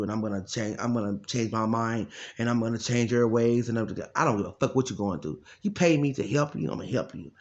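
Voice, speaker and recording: A man talking as a life coach in a blunt, profane, casual rant, telling stories with loud quoted voices. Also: lowish voice, vocal fry, dull audio.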